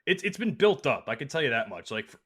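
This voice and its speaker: A man's voice: medium pitch, big pitch swings, fast, fairly bright tone, husky. A man co-hosting a podcast, talking in a rambling way with many restarts. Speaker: podcast co-host. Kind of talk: casual podcast chat.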